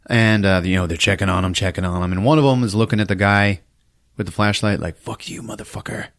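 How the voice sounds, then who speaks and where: A man's voice: deep voice, steady tone, fast talker, dry recording. A man hosting a podcast, giving a casual, profane, laughing recap of a film and acting out scenes. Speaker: podcast host.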